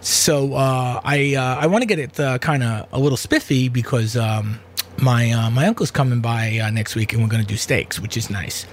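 A man hosts his own podcast talk show from a home room with an air conditioner, rambling casually through asides and filling his speech with fillers. His mid-range voice moves at a moderate pace, with a little hiss or hum in the recording.

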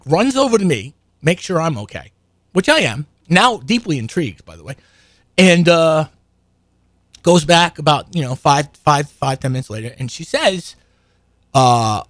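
Older guy rambling a story, curses a lot, pitch a bit high and bouncing all over. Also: big pitch swings, normal speed, fairly bright tone, dry recording. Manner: rambling, profane, restarts and asides. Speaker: show regular. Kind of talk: casual storytelling monologue.

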